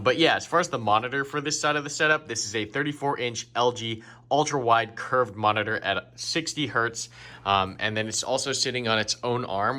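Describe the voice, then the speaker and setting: A man's voice: medium pitch, pushed and bright. A young man casually showing off his home gaming setup, easygoing and grateful, with plenty of ums and uhs. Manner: easygoing, grateful, loose with fillers. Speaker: gaming YouTuber and streamer. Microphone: studio condenser mic on an arm.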